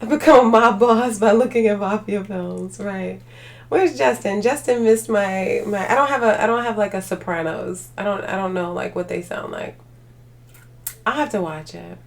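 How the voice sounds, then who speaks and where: A woman's voice: mid-range voice, moderate pace, creaky. A woman hosting a livestream, tired and chatting away to her viewers. She rambles, leans heavily on filler words and laughs easily, in a mid-range voice for a woman. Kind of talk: casual live chat.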